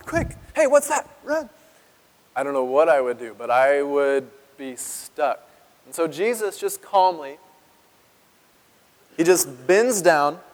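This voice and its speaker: In a church sanctuary, a pastor delivers a sermon in a conversational way, asking his congregation questions. His voice sits in the mid range, and a long reverb tail trails after his words.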